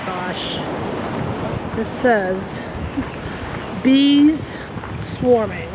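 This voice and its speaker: A woman, narrating a casual nature vlog by a river and roadside, full of excited exclamations, recorded on a handheld camera. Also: on the high side, extremely slow. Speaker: nature vlogger. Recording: outdoor traffic noise behind.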